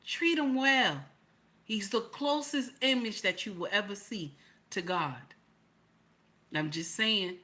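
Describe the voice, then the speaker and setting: Forceful, blunt woman preaching on livestream. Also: medium pitch, takes it slowly, long pauses. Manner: emphatic, repeats lines and asks rhetorical questions; colloquial and blunt. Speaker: livestream host.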